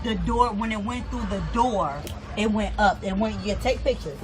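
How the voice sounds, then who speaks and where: A woman's voice: mid-range voice, normal speed, background noise. A woman, a resident, agitatedly retelling how bullets came through her home, repeating herself as she goes. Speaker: resident telling of a shooting. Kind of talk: casual storytelling.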